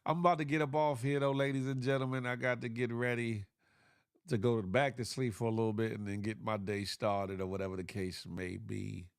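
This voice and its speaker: A man's voice: medium pitch, little pitch movement, a little fast, vocal fry, smooth, no room sound. Tired congested guy chatting on his morning show, laid back, laughs a lot, dry close mic. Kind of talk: casual live-stream chat reading viewer comments.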